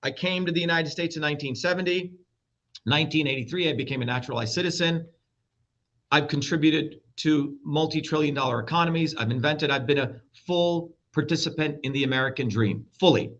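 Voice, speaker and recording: A man's voice: on the high side, brisk, fairly bright tone. A middle-aged man from India, a presidential candidate talking as a guest, blunt, combative and profane. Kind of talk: heated interview talk. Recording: dull lo-fi audio.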